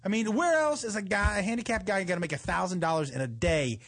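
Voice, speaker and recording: A man's voice: high-pitched, fast. A man on a podcast telling a long, profane anecdote in casual chat, acting out the quotes. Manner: animated, profane, acts out quotes.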